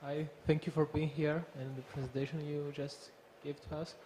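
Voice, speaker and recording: A man's voice: a little high, little pitch movement, normal speed, background noise. Hesitant man asking a question. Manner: polite, hesitant, thinking aloud. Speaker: audience member asking a question. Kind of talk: audience question.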